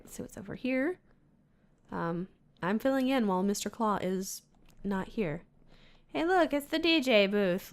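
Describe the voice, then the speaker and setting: A woman casually commenting as she plays a video game, muttering to herself and reading game text aloud. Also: a little high. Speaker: let's-play gamer.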